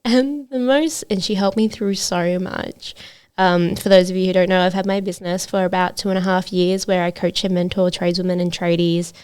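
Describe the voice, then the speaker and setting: A woman's voice: on the low side, steady tone, fairly quick, a little mellow, clear, resonant tone. A woman hosting a solo podcast as a trades coach, talking in an earnest, motivational way with frequent fillers.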